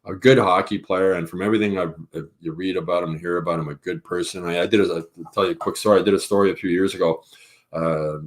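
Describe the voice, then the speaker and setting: A man's voice: sits low, quick pace. A man with a Canadian accent, a hockey columnist guest, telling anecdotes in casual chat and acting out the quotes. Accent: Canadian English. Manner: animated anecdote teller, acts out quotes.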